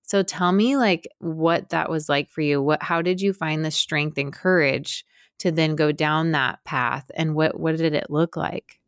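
A woman's voice: sits low, fairly even intonation, unhurried, no room sound, clean studio sound. A woman podcast host asking a guest questions, relating it to her own journey with loose, rambling phrasing. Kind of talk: interview questions.

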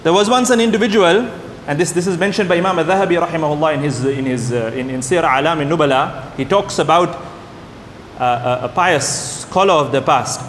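A man preaching a sermon to his congregation, telling stories with lively delivery and acting out the people in them. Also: brisk. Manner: animated storytelling, voices the characters in anecdotes. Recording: echoey hall with faint rumble.

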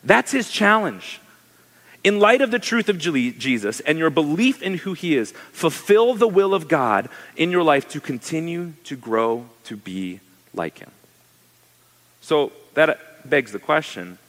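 A male pastor preaching a sermon in a conversational, animated way, asking his listeners questions. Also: on the high side, measured pace, big-room sound.

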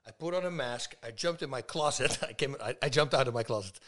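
A man in his fifties, a guest telling stories in casual talk, lively and laughing, acting out the people he quotes. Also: mid-range voice, fast. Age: 50s. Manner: animated, laughs a lot, acts out dialogue. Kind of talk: casual storytelling.

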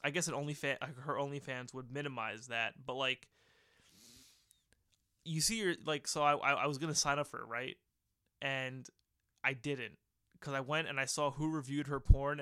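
A man's voice: medium pitch, pushed and bright, smooth, dry recording. Young guy rambling on his podcast from his bedroom, crude jokes, mid voice, dry close sound. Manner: rambling, crude and jokey, with bursts of laughter. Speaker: podcast host. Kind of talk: casual solo podcast monologue.

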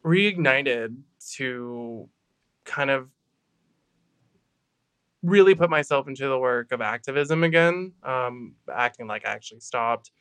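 A man co-hosts a casual podcast chat, speaking with a bright, crisp, smooth tone. He talks candidly and gets fired up. The sound is dry and close. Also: mid-range voice, lively intonation, takes it slowly, pauses often, no room sound. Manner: candid, tired, fired-up about activism. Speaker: podcast co-host.

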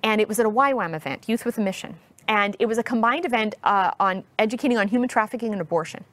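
A woman guest in her thirties, telling a personal story in an interview, earnest and heartfelt, speaking slowly and deliberately. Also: mid-range voice, fairly bright tone, dry recording.

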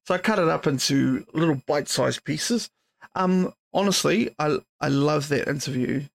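A man's voice: a little high, normal speed, gravelly. A tired man hosting his podcast alone, rambling casually with lots of fillers and swearing. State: tired, yawning late at night. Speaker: podcast host. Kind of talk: casual solo podcast chat.

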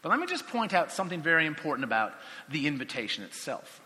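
A man teaching a Bible passage with a bright, animated voice that swings widely in pitch. He talks conversationally and acts out the quotes he tells. His voice rings in a hall with long reverb. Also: fast talker. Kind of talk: lively Bible teaching talk.

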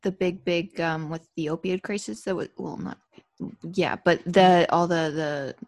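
A woman's voice: on the low side, fairly even intonation, measured pace, a little mellow. A woman co-hosting a casual chat show, talking in a heated, emphatic rant. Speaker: podcast co-host.

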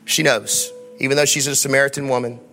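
A man's voice: mid-range voice, flat delivery, brisk, vocal fry, bright, forceful tone, in a large hall, faint music behind. A male pastor preaching a sermon in a church sanctuary, emphatic, with rhetorical questions and calls to the congregation.

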